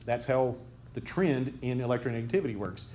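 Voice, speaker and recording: A man's voice: medium pitch, expressive, a little fast, a little mellow. Man, chemistry lecturer, classroom lecture, quizzes students, joking asides, noisy classroom recording.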